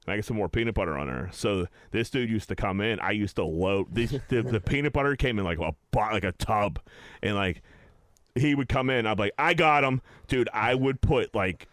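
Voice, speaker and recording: A young man with a low, smooth voice tells a story on a podcast, casual and full of swearing. He acts out the people in his story as he goes. The recording is close and dry. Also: normal speed, dry recording. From Pittsburgh area, USA. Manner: animated storyteller, swears a lot, acts out customers' lines. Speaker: podcast host.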